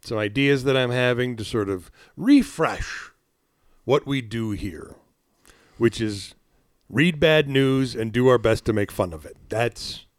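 A man's voice: medium pitch, measured pace, no echo, studio quality. Wry male podcast host. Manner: wry, deadpan asides. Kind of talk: casual chat, reading news.

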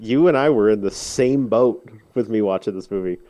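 A man co-hosting a podcast in casual chat, reacting quickly and laughing often. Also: lowish voice, warm tone. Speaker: podcast co-host.

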